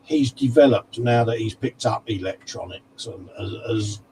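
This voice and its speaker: A man's voice: lowish voice, normal speed, mellow, slight background noise, rough recording. A man co-hosting a casual livestream chat, reading out viewer comments and calling everyone mate. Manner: chatty, calls everyone mate. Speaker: livestream co-host.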